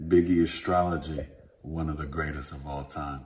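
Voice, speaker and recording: A man's voice: rumbling low, fairly even intonation, normal speed, darkish tone. A man in his fifties, an astrologer talking straight to the camera in a casual, emphatic way, full of slang and repetition. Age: 50s. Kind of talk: casual direct-to-camera monologue.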